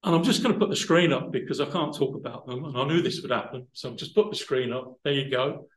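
A man's voice: medium pitch, quick pace, roomy sound, poor audio. A man preaching a sermon, explaining word roots thoughtfully and building to emphatic passages.

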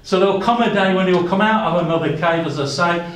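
A man's voice: high voice, quick pace, fairly bright tone, echoey room, rough recording. A man preaching a sermon, earnest, quoting scripture in old-fashioned wording and addressing the congregation as brothers and sisters.

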